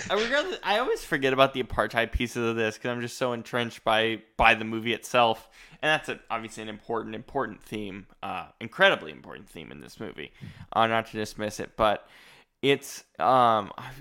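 A man co-hosting a podcast, chatting casually about a movie and telling animated stories about watching it. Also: medium pitch. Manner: animated storytelling, laughing as he retells scenes. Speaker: podcast co-host. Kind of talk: casual movie-review chat.

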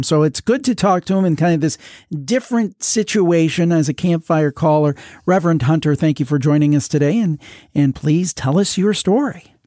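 A male host briskly introduces his next caller. His voice is slightly high and mellow, and the recording is dry with no room sound. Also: no room sound. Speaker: show host.

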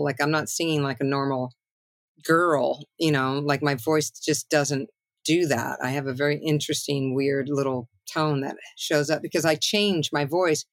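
A woman's voice: low-pitched, dry recording. A middle-aged woman songwriter talking as a guest in a loose, rambling way, full of "you know" and "like". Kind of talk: casual interview chat.

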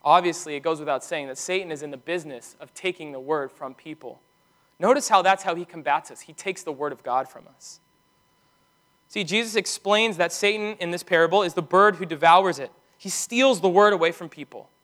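A man preaching a sermon as pastor, earnest and emphatic, slowing down to stress key commands. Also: fairly high pitch, a bit bright.

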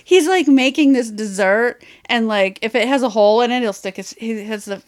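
A woman's voice: a little high, moderate pace. A woman co-hosting a podcast in casual chat, giggly and gushing, openly emotional as she talks. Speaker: podcast co-host.

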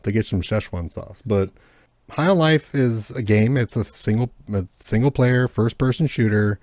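Low-voiced man in rambling podcast chat. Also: moderate pace, darkish tone, no echo. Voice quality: swears freely, rambling with many fillers and restarts. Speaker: podcast co-host. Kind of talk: casual chat.

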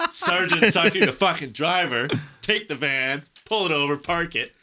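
A man's voice: fairly high pitch, measured pace, slight background noise. A young adult man on a podcast, telling a story in casual chat, swearing freely and acting out the people in it. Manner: profane, animated storyteller.

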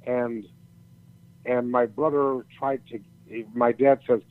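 An older man, a storyteller guest, spins a long, meandering tale in casual conversation, cursing freely and often starting his sentences over. His voice sits in the mid range with little pitch movement and a slow pace. The audio sounds tinny, like a phone line.

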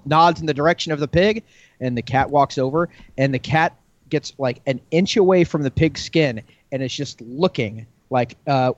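A man with a somewhat high voice tells a long joke on a casual podcast. He takes his time and adds little details. The recording is dull and lo-fi. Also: no echo. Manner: storyteller, jumps to high voices for characters.

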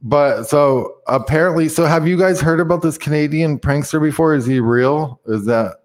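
A man's voice: fairly high pitch, normal speed. A man, a guest, rambling through a casual story and acting out the quoted dialogue. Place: in Mexico.

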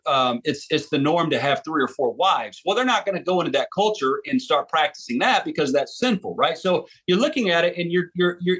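American male guest, author-preacher, earnest and emphatic, pitched a bit high. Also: fairly bright tone, slightly rough. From United States. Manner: earnest, emphatic, with frequent restarts. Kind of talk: podcast interview conversation.

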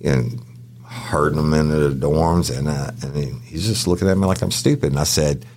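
A man, a podcast co-host and former prison guard, telling profane, animated stories in casual chat. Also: rumbling low, normal speed. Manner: profane, animated anecdotes with acted-out quotes. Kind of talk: casual storytelling.

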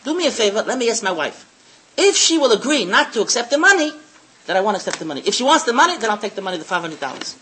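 A woman's voice: on the high side, sing-song, rapid-fire, fairly bright tone, a little hiss or hum. A woman voicing a proud, devout poor father in a retold story, earnest and repeating himself.

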